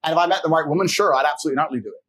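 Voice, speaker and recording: Blunt, fast-talking husky man. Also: fairly high pitch, a bit bright. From England. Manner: blunt and profane, acts out quoted people. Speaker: interview guest. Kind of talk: casual storytelling interview.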